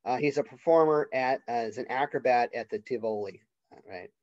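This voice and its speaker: A male college literature professor giving a casual classroom lecture, conversational and acting out characters' lines in quick voices. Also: medium pitch, a little mellow, no room sound. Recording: dull lo-fi lecture recording.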